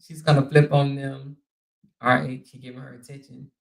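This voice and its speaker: A woman's voice: a bass voice, flat delivery, normal speed, creaky. A woman hosting a casual livestream, talking bluntly and mockingly to her chat viewers with plenty of profanity. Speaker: livestream commentary host.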